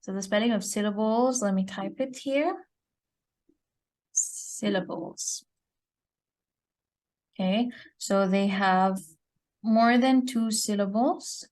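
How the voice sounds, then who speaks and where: Woman, English teacher, slow deliberate pace, patient, explains step by step, checks in often. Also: medium pitch, darkish tone. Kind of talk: online grammar lesson.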